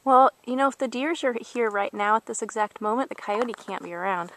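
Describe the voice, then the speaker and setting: A woman's voice: fairly high pitch, brisk, a bit bright, a little hiss or hum. A woman casually rambling while filming wildlife, chatting on the phone at the same time, recorded on a handheld camcorder's built-in mic.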